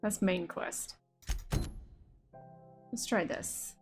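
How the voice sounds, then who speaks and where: A woman's voice: lowish voice, drawn-out words, faint music behind. A young woman hosting a let's play from home at a desk mic, chatty and exasperated with her computer. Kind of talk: casual gameplay commentary. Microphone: desk microphone.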